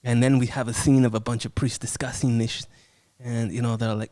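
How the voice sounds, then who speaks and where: Man hosting a horror podcast, profane and animated, mid-pitched, dry close sound. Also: fairly quick, dry recording. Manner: profane, animated, acts out scenes. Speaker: podcast host, horror film reviewer. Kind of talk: casual, uncensored film review.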